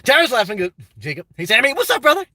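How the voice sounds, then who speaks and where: A man hosting a casual livestream, reading viewer chat aloud in a crude, rambling way and breaking into loud, excited rants. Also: very high-pitched, quick pace, dry recording, clean studio sound.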